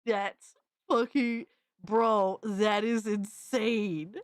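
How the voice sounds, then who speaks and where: A young woman streamer giving excitable, profane live reaction commentary, full of hype shouts and swearing. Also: medium pitch, drawn-out words, no room sound. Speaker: streamer host.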